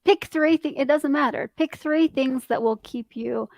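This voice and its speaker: A high-pitched woman speaking as a life coach in a loose podcast chat. She is upbeat and talkative and laughs often between points. The sound is dry and close. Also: measured pace, vocal fry, darkish tone, dry recording, low-quality recording. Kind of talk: casual motivational podcast chat.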